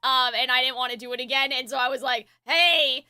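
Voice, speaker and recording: A woman's voice: high-pitched, steady tone, fairly quick, sharp tone, smooth. A woman hosting a casual livestream chat, a little congested and sniffly, talking in a chatty, giggly, rambling way. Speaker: YouTube host.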